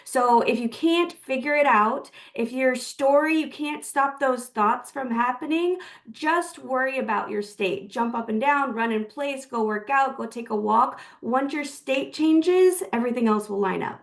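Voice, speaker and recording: A woman talks through her ideas on a group video call in an earnest, explaining way. Her voice is fairly high and sounds set back from the microphone. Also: a little slow, gravelly, distant mic. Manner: earnest, explanatory, lots of fillers. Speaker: coaching call participant. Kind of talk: casual sharing on a group call.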